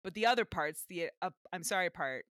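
A woman co-hosting a casual rewatch podcast, animated and exasperated, swearing casually as she chats. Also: fairly low pitch, a little fast, no room sound, clean studio sound. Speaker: podcast co-host.

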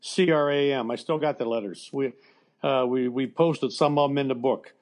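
A man's voice: mid-range voice, fairly even intonation, normal speed, darkish tone. An older man, a former baseball coach, telling a personal story in an interview in a plainspoken, conversational way with fillers and restarts. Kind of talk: emotional storytelling in a podcast interview.

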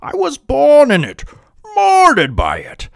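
A man putting on a grandiose, menacing male villain voice with a booming, mock-dramatic delivery. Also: huge pitch swings, slow pace, creaky, a bit bright, no echo, clean studio sound, exaggerated voice.

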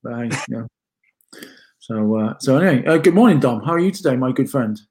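A man's voice: mid-range voice, animated, a little fast, darkish tone. A man with a British accent co-hosting a casual morning wellness chat from his kitchen, chatty and joking. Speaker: co-host of a morning wellness show. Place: home kitchen.

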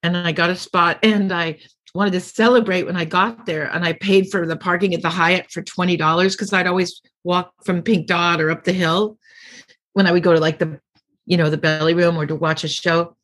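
In a casual storytelling interview, a middle-aged woman comedian rambles through anecdotes and acts out whoever she's quoting. Her lowish voice is fairly bright, with fairly even intonation and a moderate pace.

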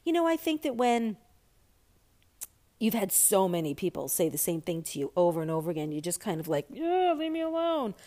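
A woman's voice: on the low side, expressive, fairly quick, mellow. A woman talking candidly and reflectively about personal experience, with many fillers and restarts.

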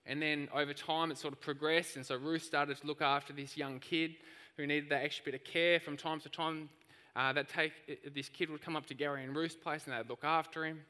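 A man preaching a sermon, telling stories in an animated, lively way. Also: on the high side, brisk, clear, resonant tone, big-room sound. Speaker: pastor.

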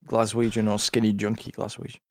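A man's voice: fairly low pitch, monotone, fairly quick, darkish tone, a little hiss or hum. A British man hosting a livestream, laughing often as he reads out a comic rant and the chat. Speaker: livestream host. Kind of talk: casual stream chat and comic rant reading.

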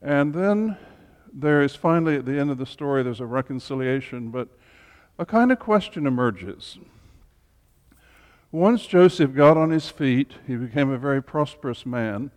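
A man's voice: medium pitch, lively intonation, normal speed, darkish tone. A man leading a Bible study group, teaching in an informal, chatty way with humorous asides. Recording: long reverb in a hall.

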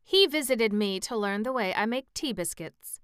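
A woman's voice: fairly high pitch, lively intonation, moderate pace, fairly bright tone, clear, resonant tone, dry recording, clean studio sound. A woman voicing a sly, grudging old female witch in a storybook reading, reluctant and evasive in her answers.

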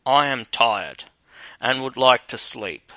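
A man's voice: mid-range voice, expressive, slow, bright, forceful tone, no echo, exaggerated voice. A man voicing a hungry, tired, trusting dog in a fairy tale, in a plain, weary manner.

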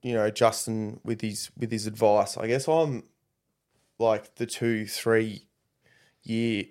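A man casually recounting a story, rambling and animated when quoting others. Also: fairly low pitch, takes it slowly.

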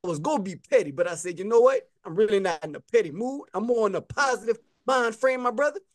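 A man's voice: high-pitched, expressive, fast, no room sound, studio quality. A man co-hosting a podcast, casually telling a story and acting out the back-and-forth he quotes. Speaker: podcast co-host.

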